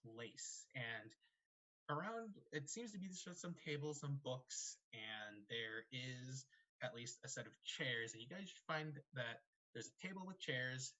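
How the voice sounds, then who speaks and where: A man narrating a live-streamed tabletop game as game master, relaxed and conversational with many fillers. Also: medium pitch.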